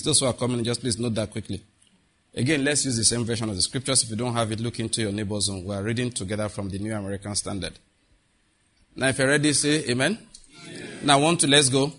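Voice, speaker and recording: A man preaching a sermon in a church, lively and conversational, asking the congregation questions. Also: medium pitch. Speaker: pastor.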